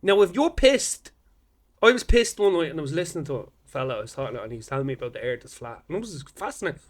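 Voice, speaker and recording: Irish male comic, fairly high and very lively pitch, rambling sweary chat with quick impressions. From Ireland. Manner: rambling, swears freely, mimics how people talk. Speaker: comedian guest. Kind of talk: casual podcast chat.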